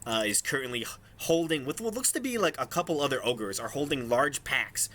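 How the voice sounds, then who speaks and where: A man's voice: mid-range voice, big pitch swings, a little fast, bright, forceful tone, a little hiss or hum. A man narrating as game master in a casual, hesitant way with many ums.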